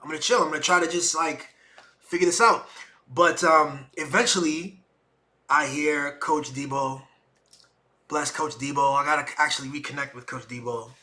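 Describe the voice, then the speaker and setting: A slightly high voice at normal speed carries a middle-aged podcast host's emotional personal story. He retells it with animation, acting out people's words.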